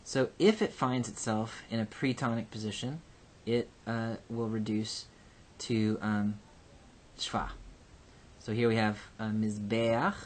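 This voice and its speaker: A man teaching a recorded Hebrew grammar lesson. He explains patiently and slowly, with frequent ums and uhs. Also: fairly low pitch, steady tone, slight background noise. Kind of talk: recorded lecture.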